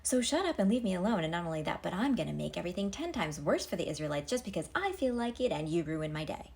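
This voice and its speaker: A woman's voice: fairly low pitch, very animated, fast talker, vocal fry, a little mellow. A woman doing a bored, scornful pharaoh. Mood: dismissive. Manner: bored, contemptuous, flippant. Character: arrogant dismissive male Egyptian king.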